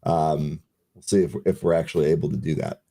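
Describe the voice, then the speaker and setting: A man's voice: extremely low pitch, level tone, a little fast, creaky, warm tone, a little hiss or hum. A man hosting a live pre-market trading show, reading headlines and walking through stock charts in a chatty, laughing way. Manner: reads headlines aloud and checks charts while chatting.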